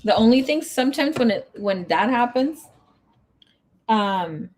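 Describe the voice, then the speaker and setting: A woman's voice: fairly high pitch, lively intonation, unhurried, a little mellow. A woman tarot reader chatting casually on a live stream. She reads viewer comments aloud and drops Spanish words into her English. She sounds emotional and grieving.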